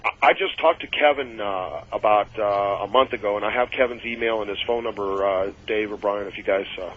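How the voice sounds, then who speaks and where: A man telling wrestling-road anecdotes on a radio call-in show, animated and acting out the voices of the people in his stories. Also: lowish voice, a little fast. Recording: dull lo-fi radio audio.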